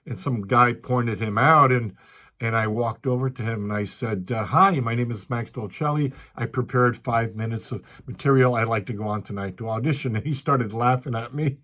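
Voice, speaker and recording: A man's voice: medium pitch, normal speed, sharp tone. An older man, a comedian, telling stories of his past to a live audience in a chatty way, acting out the voices of the people he quotes. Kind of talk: storytelling talk to a live audience. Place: library event room.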